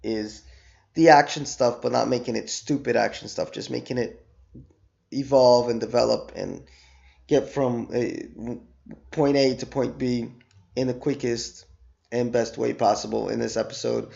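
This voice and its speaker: A show reviewer gives a casual, emphatic spoken review while losing his voice after being sick, animatedly repeating words for stress. His voice is medium-pitched and gravelly, a little slow, and the sound is lo-fi.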